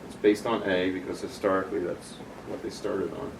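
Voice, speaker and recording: A man's voice: low voice, flat delivery, fairly quick, gravelly. A man patiently walking a small group through a demonstration step by step, in casual explanatory talk. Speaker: presenter demonstrating tuning software. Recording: distant room mic with background noise.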